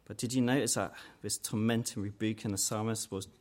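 A man preaching a sermon in an earnest way, growing louder and higher when he voices quoted challenges. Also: fairly even intonation, brisk. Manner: earnest, rises in pitch and force when quoting mockers.

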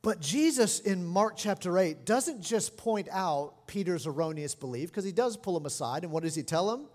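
A middle-aged man preaching a sermon as pastor, animated and expressive, lively in his delivery. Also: sits high, moderate pace. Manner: animated preaching, lively mimicry of scolding parents. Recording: long hall reverb.

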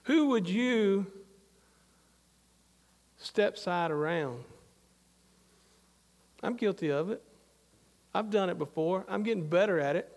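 A man's voice: high-pitched, expressive, takes it slowly, pauses often, a little mellow, big-room sound. A middle-aged man preaching a sermon, talking in a conversational, anecdotal way full of asides. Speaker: pastor.

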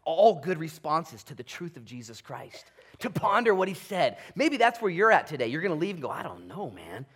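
A man preaching a sermon from a church stage with animated, exclamatory delivery that swings between loud bursts and quieter asides. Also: brisk, hardly any pauses, breathy edge. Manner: hushed, low prayer voice. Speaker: pastor.

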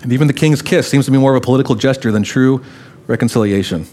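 A man, a pastor, preaching a sermon, animatedly acting out the voices of the people he quotes. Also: fast. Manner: animated, acts out quoted voices with raised pitch.

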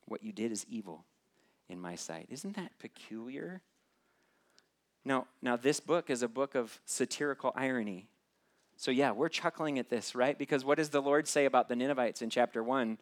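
A man's voice: mid-range voice, normal speed. A male preacher giving a sermon in a conversational way, often putting questions straight to the listeners.

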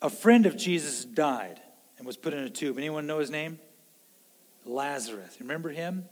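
A man preaching a sermon in an earnest way, swinging between loud emphasis and hushed low lines. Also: lively intonation, moderate pace, long reverb tail. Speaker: pastor.

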